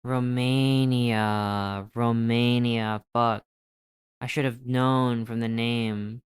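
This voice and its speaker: A streamer giving excitable live gameplay commentary, thinking aloud while guessing and swearing often. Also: medium pitch, very slow, clean tone, dry recording, studio quality.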